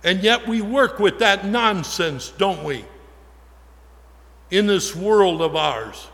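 Slow-talking pastor preaching in a church. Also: male voice, a little high, lively intonation, fairly bright tone. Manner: conversational, asks the congregation questions. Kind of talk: sermon. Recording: long church reverb.

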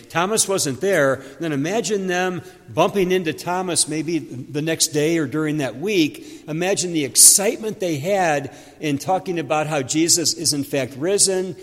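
A male pastor delivers an earnest sermon, working through scripture and posing rhetorical questions to his listeners. His voice sits a little higher than most men's. A long reverb trails behind each phrase, as in a large hall.

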